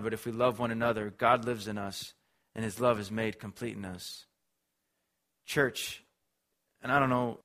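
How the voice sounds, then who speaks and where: A man's voice: medium pitch, fairly bright tone. A man preaching a sermon as a pastor, earnest and emphatic, building on repeated phrases.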